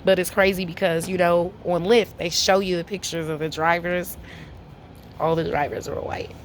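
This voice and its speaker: A woman, telling a story to camera in a blunt, profane, animated way. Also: fairly low pitch, moderate pace, a little hiss or hum. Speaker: vlogger.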